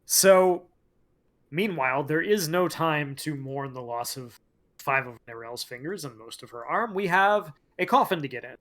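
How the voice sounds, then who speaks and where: Podcast host, higher-pitched man, lively recap with quoted voices. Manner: animated storyteller who slips into quick quoted voices. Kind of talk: casual retelling of a game story.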